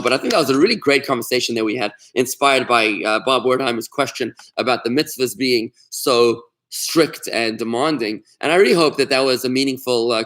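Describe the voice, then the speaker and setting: Animated middle-aged rabbi teaching Talmud. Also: male voice, mid-range voice. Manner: animated storyteller, warm asides, many restarts. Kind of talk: casual online Torah class.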